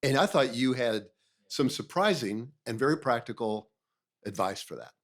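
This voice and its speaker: A man of average pitch hosts a podcast and puts questions to his guest. His manner is easygoing and affirming, and he talks in a plain, conversational way. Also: lively intonation, normal speed. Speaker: podcast co-host. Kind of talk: interviewer asking questions.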